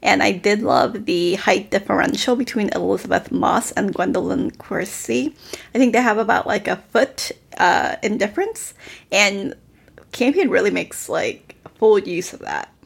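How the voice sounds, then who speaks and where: A woman's voice: medium pitch, creaky, husky. A woman co-hosting a podcast, chatting casually about a TV series and filling her talk with "like". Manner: chatty, many "like" fillers, quick laughs. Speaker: podcast co-host. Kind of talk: casual critical chat.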